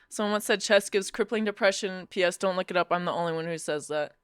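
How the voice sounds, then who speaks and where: A young woman streaming, chatting casually in quick, giggly bursts. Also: on the low side, clear, resonant tone, dry recording, clean studio sound. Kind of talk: casual live-stream chat.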